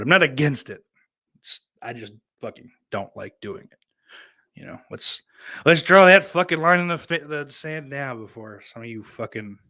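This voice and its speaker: Man, southern accent, podcast host, profane, rambling, sardonic, mid-pitched voice. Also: bright, forceful tone. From New York. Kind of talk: casual chat reading listener comments.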